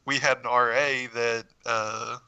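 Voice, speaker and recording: Young guy cohost, monotone but really bright crisp voice. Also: medium pitch, unhurried, no echo, lo-fi sound. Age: young adult. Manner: flat, brief agreeing replies. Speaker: podcast co-host. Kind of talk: casual chat.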